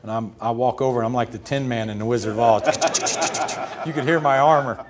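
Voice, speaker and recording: A man in his fifties, a retired pitcher, telling stories in an interview and laughing as he goes. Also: moderate pace, background noise. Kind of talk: storytelling in a sit-down interview.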